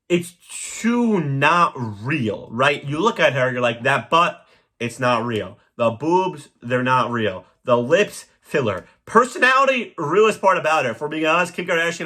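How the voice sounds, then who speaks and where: A young man hosting a podcast, delivering a crude, rambling comedic monologue with sudden loud jumps. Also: a little high. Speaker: podcast host.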